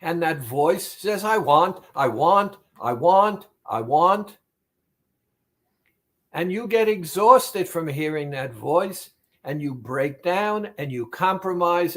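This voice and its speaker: Male therapist, fairly high voice, slow and emphatic, motivational talk straight to the listener. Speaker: weight-loss therapist.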